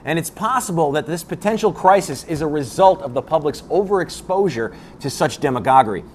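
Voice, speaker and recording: Sarcastic guy doing a fake news monologue, kinda high voice, lots of ups and downs. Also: lively intonation, fairly quick, a little hiss or hum. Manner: sarcastic, laughs at his own jokes. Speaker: host.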